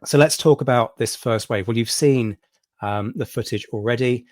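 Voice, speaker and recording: A man's voice: mid-range voice, moderate pace, dry recording, clean studio sound. A man hosting a history livestream, explaining a battle in detail with frequent ums and restarts. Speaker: history channel host.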